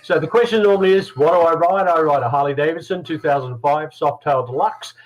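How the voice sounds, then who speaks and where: An Australian man chatting on a video call as a guest partner, jokey and quick to laugh. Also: a little high, low-quality recording. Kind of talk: casual video call chat.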